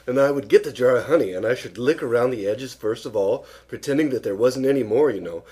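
A man's voice: medium pitch, big pitch swings, unhurried. Man reading as Pooh, an eager honey bear. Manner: eager, rambling, chuckling. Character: honey-loving good-natured male bear.

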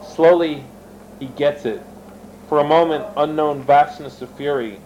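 Man reading a story, slightly high voice. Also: fairly even intonation, measured pace, darkish tone, highs cut off, a little hiss or hum. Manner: shifts between character voices and narration, speaks directly to listeners. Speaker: reader of his own fiction. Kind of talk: dramatic reading of an erotic story.

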